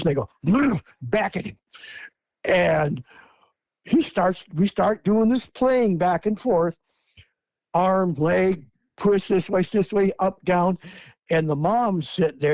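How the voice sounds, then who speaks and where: A man's voice: high voice, darkish tone, dry recording. A man in his seventies from Washington State, a guest telling his story step by step and acting out the lines he quotes. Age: 70s. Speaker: guest eyewitness. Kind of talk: first-person storytelling.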